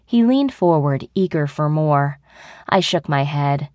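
A woman narrating an adult audiobook in the first person with an even storytelling delivery. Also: low voice, a little slow, no echo.

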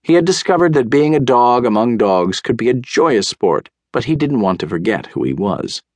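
A man narrating a children's audiobook in a measured, unhurried storytelling manner, on a close studio mic. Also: medium pitch, very animated, a little mellow, dry recording.

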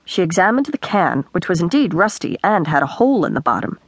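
A woman reads a children's storybook aloud, her pitch rising and falling in lively swings. The studio sound is dry and close, with no room around her. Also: a little fast, no room sound. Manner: animated storytelling. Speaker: audiobook narrator. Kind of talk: scripted narration. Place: recording studio.

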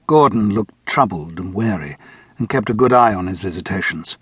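A man narrating an audiobook in the first person, measured and steady, close to the mic. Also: low-pitched, slightly rough, no echo. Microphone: close studio mic.

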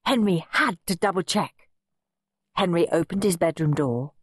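A woman reading a children's storybook aloud, expressive and playful. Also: lowish voice, a little slow, slightly rough, no room sound. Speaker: audiobook narrator. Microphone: close studio mic.

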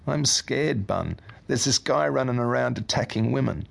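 A man's voice: medium pitch, expressive, moderate pace, vocal fry, slightly rough, full character voice. A man voicing an anxious, frightened wife on the phone in a storybook reading.

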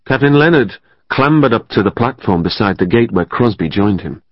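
A man reading a historical novel as audiobook narrator, in a steady, even storytelling manner. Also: fairly low pitch, moderate pace, no room sound. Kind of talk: scripted narration. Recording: dry, slightly muffled studio.

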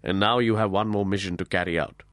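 Voicing a serene divine lord in an audiobook, a man speaks gently and calmly to console the listener. His fairly low voice stays measured and soothing. The recording is dry and close-miked.

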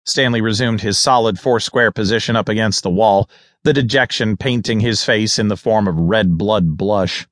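Low-voiced wry male audiobook narrator. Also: moderate pace, a bit bright, no echo, studio quality. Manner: wry, sardonic. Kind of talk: first-person thriller narration.

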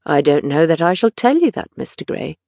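A woman's voice: low-pitched, sing-song, a little fast, vocal fry, mellow, dry recording, clean studio sound, heavily acted. Woman doing a languid, teasing aristocrat. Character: languid witty older aristocrat, mildly mocking.

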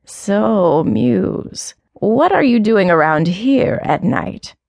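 A woman voicing a scornful old female alley cat with a deep, raspy, taunting voice and a slow sing-song delivery. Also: lively intonation, darkish tone, no echo, studio quality, full character voice.

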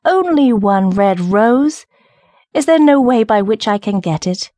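A woman voicing a small, brave female nightingale in an audiobook, high and imploring. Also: animated, a little slow, dark tone, dry recording. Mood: urgent. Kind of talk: audiobook character reading.

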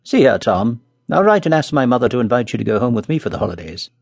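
A man's voice: quick pace, vocal fry, no echo. Bertie, a man doing a boastful schoolboy. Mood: eager. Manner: excited, high and bright.

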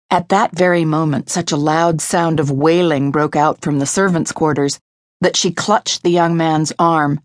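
A woman narrating a classic children's novel as an audiobook, in a measured, expressive storytelling manner. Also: low voice, dry recording, clean studio sound.

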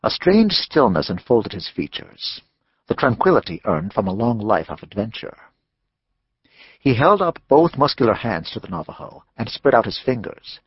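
A man narrating a western novel as an audiobook, in a measured storytelling manner. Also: fairly low pitch, big pitch swings, breathy edge, no echo, highs cut off.

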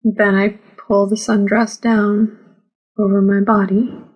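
A woman narrating a first-person memoir audiobook in a slow, measured reading. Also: medium pitch, little pitch movement, husky, muffled recording.

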